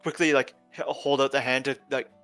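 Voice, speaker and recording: A man narrating a tabletop game as game master, halting with many fillers and restarts. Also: mid-range voice, fairly even intonation, a bit bright, soft background music.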